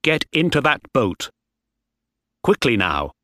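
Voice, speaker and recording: A man's voice: mid-range voice, big pitch swings, slow, pushed and bright, no echo, clean studio sound, full character voice. A man voicing a desperate ship officer who turns into a determined mutineer. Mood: commanding. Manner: tense, determined.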